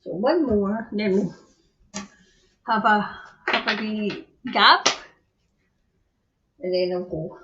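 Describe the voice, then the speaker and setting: A woman's voice: medium pitch, takes it slowly, pauses often, fairly bright tone, slight background noise. A Scottish woman doing a casual live tarot reading, chatty and rambling, often laughing at herself. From Scotland. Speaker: tarot reader. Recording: dull lo-fi audio.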